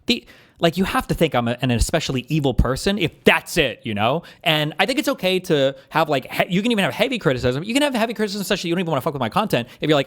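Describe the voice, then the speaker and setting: A man talking at a quick clip on a streamed panel, pressing his points hard. He swears freely and strings fillers between his claims. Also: fairly high pitch, very animated. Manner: rapid, emphatic, profane, with frequent fillers. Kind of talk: heated panel discussion.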